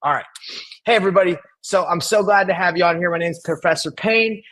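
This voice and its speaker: An energetic young man runs a live-streamed coaching lesson, talking straight to his viewers with hype and enthusiasm. His voice sits a little high for a man. He speaks from a converted farm workshop. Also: fast talker. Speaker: real estate wholesaling coach.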